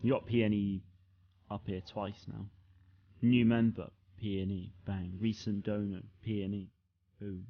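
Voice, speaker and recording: A man's voice: fairly low pitch, little pitch movement, measured pace, phone-quality sound. A young man hosting a live stream, chatting casually with viewers in a rambling way, full of fillers and restarts. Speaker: streamer and channel host. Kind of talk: casual live-stream chat reading comments.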